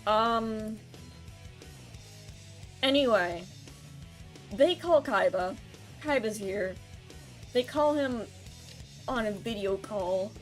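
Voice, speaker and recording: A woman's voice: medium pitch, expressive, drawn-out words, pauses often, soft background music. Rambling woman streamer with chatty ums. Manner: rambling recap with filler ums and self-corrections. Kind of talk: casual gameplay stream chat.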